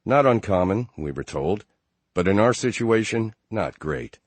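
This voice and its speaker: A man narrating a romance audiobook in steady first-person storytelling. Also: fairly low pitch, unhurried, no room sound. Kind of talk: scripted narration.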